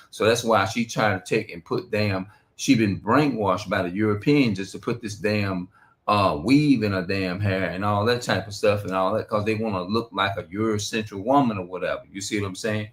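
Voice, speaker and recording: A man giving a rambling, profane religious monologue on a stream, reading scripture aloud between his remarks. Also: lowish voice. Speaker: street preacher.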